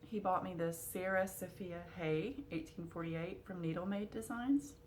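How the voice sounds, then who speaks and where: A woman with a low voice chats casually to her camera at home, her talk full of fillers. She has the hiccups now and then. Faint noise hums under the recording. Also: normal speed, darkish tone. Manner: chatty, with frequent fillers. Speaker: cross-stitch vlogger.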